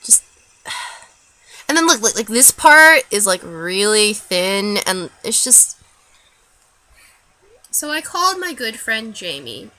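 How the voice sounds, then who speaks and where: Young woman, vlog rant, very bright voice, swooping pitch, profane, filler-heavy, mumbles then outbursts. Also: slow, pauses often. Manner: animated, profane, lots of "like" fillers; swings from mumbling to loud outbursts. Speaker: vlogger. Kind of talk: ranting vlog storytelling.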